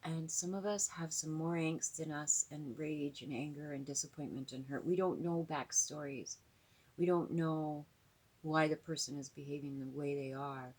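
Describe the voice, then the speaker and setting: Middle-aged woman, low husky voice, casual vlog talk, earnest and rambling. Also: darkish tone. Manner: rambling, earnest, many fillers and repeats. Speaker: vlogger.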